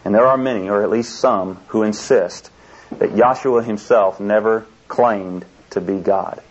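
A man's voice: fairly low pitch, a little slow. A man preaching a sermon in an earnest, repetitive way, often restarting his sentences. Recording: dull lo-fi recording.

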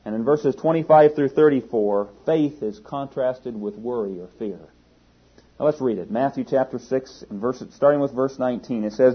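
A man delivers a sermon with earnest emphasis, leaning hard on key words and now and then restarting a phrase. His voice is husky and sits at a middling pitch. The recording sounds dull and lo-fi. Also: normal speed. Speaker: preacher.

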